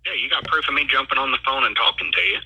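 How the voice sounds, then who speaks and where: A male dispatcher talks quickly in a bright, slightly husky voice. He stays dry and teasing, unruffled as he answers back. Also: medium pitch, muffled recording. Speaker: county dispatcher. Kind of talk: phone conversation.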